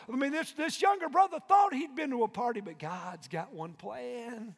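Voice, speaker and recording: High-voiced preacher shouting in a reverberant hall. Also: male voice, normal speed, gravelly, few pauses. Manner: fervent preaching that swings from hushed to shouting, with call-and-response. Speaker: pastor. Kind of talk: sermon.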